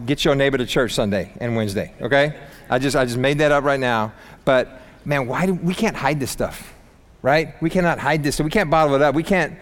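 A man preaching a casual, emphatic sermon in a church, with sudden loud peaks. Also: on the high side. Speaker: pastor. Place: church sanctuary. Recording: long hall reverb.

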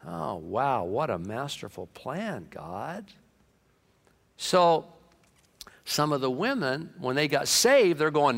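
A man preaching a sermon in a lively manner, acting out comic quotes and voices. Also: medium pitch, takes it slowly, creaky, pauses often. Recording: long hall reverb.

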